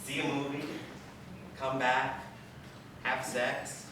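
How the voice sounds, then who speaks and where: A man performing live spoken word storytelling at a party, with a wry, drawn-out delivery and dramatic pauses. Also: mid-range voice, level tone, noisy background. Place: party venue, indoors. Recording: echoey room from far off with audience laughter.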